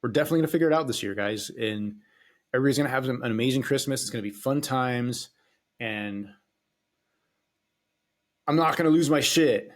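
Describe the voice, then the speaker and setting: A man hosts his own podcast alone, talking loosely and swearing freely. He rambles and stops to restart his sentences. His voice sits at an ordinary middle pitch. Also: brisk, long pauses. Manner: rambling and profane, with frequent hesitations. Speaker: podcast host. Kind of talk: casual solo podcast monologue.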